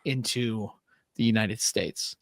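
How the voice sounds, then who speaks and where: A man's voice: lowish voice, fairly even intonation, takes it slowly, gravelly, dry recording, clean studio sound. A male podcast host chatting loosely about politics with a wry, filler-heavy delivery. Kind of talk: casual political chat.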